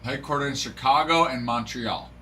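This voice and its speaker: A man's voice: mid-range voice, moderate pace, bright, forceful tone, slight background noise. A man hosting a live card break stream, joking and bantering casually with viewers.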